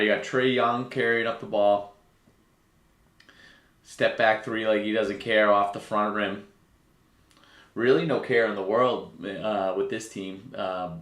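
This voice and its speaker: A man's voice: lowish voice, fairly bright tone. Exasperated man ranting over a live game. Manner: sarcastic, profane, exasperated rants. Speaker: live game watch-along streamer. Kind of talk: casual live sports commentary. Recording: roomy echo.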